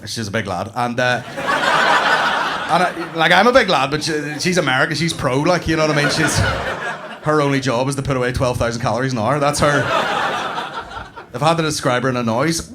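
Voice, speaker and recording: A man's voice: mid-range voice, a little fast, pauses often. A young man with a Northern Irish accent doing a sweary stand-up set, bantering with a live crowd. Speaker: stand-up comedian. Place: comedy club stage before a live audience. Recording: live club recording with clear background noise.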